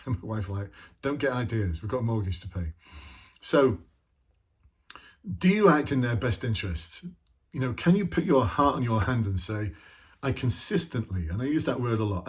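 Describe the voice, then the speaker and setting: Speaking in a fairly low, slightly rough voice, a middle-aged man who left police work to become a leadership trainer delivers a casual coaching talk. It's chatty and full of rhetorical questions, and he often talks to himself.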